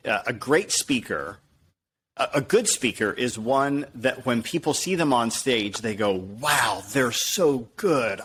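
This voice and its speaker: An animated man speaking as a guest in an interview, with a mid-range voice. He tells stories with energy and slips into quoted voices as he goes. A faint noise sits behind him. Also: mid-range voice. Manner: animated storyteller, acts out quotes. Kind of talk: conversational interview.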